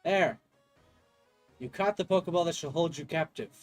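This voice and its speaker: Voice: mid-range voice, normal speed, faint music behind, lightly acted. A player reads game dialogue aloud in a put-on voice as a genteel, chatty male professor with polite old-fashioned phrasing. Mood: earnest. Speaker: gaming video creator.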